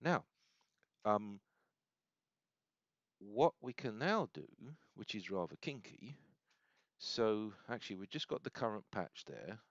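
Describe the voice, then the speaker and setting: A man casually demonstrating software, rambling and correcting himself as he thinks aloud. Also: on the low side, very animated, slow pace, pauses often, dry recording. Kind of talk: casual screen-recorded demo. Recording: dull, slightly lo-fi sound.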